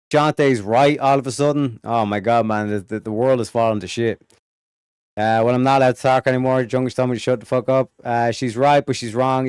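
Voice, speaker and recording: A man hosting a casual livestream chat, reading viewer messages aloud, swearing and mocking loudly. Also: mid-range voice, clear, resonant tone, no room sound, clean studio sound. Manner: profane, loud, mocking. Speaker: livestream host.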